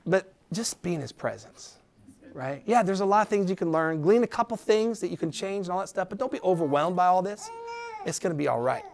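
A middle-aged man preaching a sermon, animated, acting out quoted voices and dropping to a soft tone for encouragement. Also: on the high side. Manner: drops to a soft, quiet tone for encouragement. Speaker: pastor.

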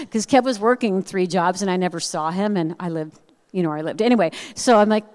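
A woman's voice: lowish voice, brisk. Woman telling a story in a reverberant hall. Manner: animated, self-deprecating humor, acts out voices. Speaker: speaker. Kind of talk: personal storytelling message. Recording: long reverb of a large hall.

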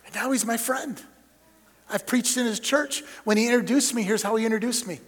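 A middle-aged man preaching to a room of pastors in a high, light voice. He tells stories, swinging from emphatic, near-shouted points to hushed asides, and his words ring out with a long hall reverb. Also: fairly quick. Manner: storytelling, emphatic then dropping to soft asides. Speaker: denominational superintendent preaching to pastors. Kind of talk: sermon.

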